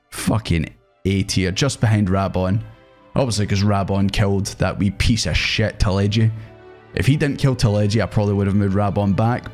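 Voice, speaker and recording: A man's voice: fairly low pitch, darkish tone. A young man chatting casually and animatedly as he ranks game characters, swearing now and then. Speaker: gaming video host. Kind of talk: casual tier-list commentary.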